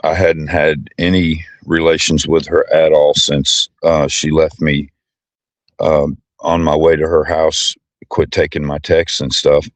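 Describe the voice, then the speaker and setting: A man's voice: very deep voice, little pitch movement, unhurried, no room sound. A man being interviewed, speaking casually and hesitantly with many ums and uhs. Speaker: interview guest.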